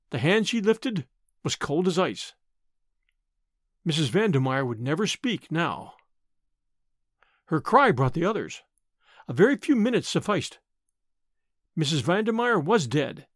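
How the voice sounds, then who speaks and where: A man narrating an audiobook in an expressive, clear storytelling manner. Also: fairly high pitch, no echo, studio quality.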